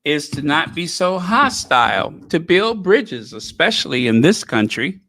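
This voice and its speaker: A man's voice: a little high, big pitch swings, a little slow, pushed and bright. A man hosting a commentary channel, talking casually in a sarcastic, mocking way and rambling with many fillers and restarts.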